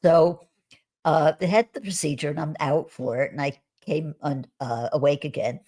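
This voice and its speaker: A woman guest on a video call, recounting her experiences in a relaxed conversational way, with frequent restarts and soft laughs. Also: low voice, moderate pace. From United States. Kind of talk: conversational storytelling on a live stream.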